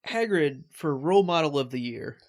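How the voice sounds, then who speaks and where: Male podcast co-host, casual reread chat, dry humor, halting delivery. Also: fairly high pitch, lively intonation. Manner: wry, jokey, halting restarts. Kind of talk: casual book discussion.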